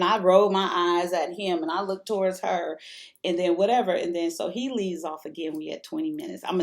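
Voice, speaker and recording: A woman's voice: lowish voice, a little mellow. A middle-aged woman vlogger telling a personal story in casual, frank talk, laughing often and swearing freely.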